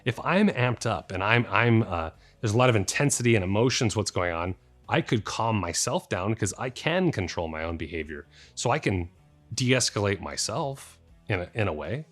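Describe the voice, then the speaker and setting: A police officer talks straight to the camera in a lowish voice. His manner is plain-spoken and conversational, with a dry, mildly joking edge, and faint guitar music plays softly underneath. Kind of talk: explanatory talk to camera.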